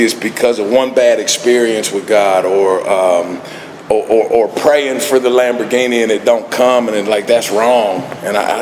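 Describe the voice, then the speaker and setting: A man giving a laid-back recovery talk at a meeting, laughing often as he tells stories. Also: lowish voice. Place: meeting hall. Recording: echoey hall, faint ambient noise.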